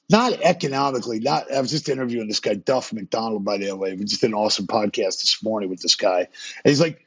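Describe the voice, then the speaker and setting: A man hosting a podcast, talking in a fast, slangy way and swearing freely. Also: mid-range voice, vocal fry, slightly rough, highs cut off. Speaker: podcast host. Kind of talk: casual interview chat.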